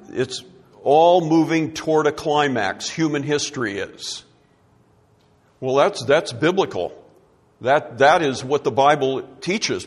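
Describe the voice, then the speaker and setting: A man's voice: on the high side, slightly rough, in a large hall. A man preaching a sermon, emphatic and repeating his key words for effect.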